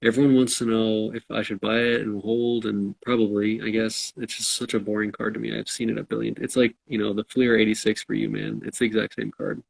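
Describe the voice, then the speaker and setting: A man's voice: fairly low pitch, level tone, brisk, gravelly, few pauses, breathy edge, dry recording, poor audio. A man co-hosting a casual live-stream chat, answering viewer questions in a laid-back, self-deprecating way.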